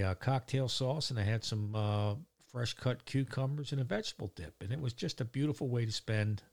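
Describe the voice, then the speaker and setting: A man's voice: on the low side, a little mellow. Chatty rambling middle-aged man. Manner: rambling, chatty, swears casually, lots of fillers. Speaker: vlogger. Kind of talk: casual storytelling monologue.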